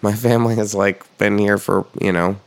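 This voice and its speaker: A man's voice: on the low side, fairly even intonation, normal speed, clear, resonant tone. A man hosting a podcast in casual chat, loose and chatty, swearing freely with lots of fillers. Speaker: podcast host. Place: New York City.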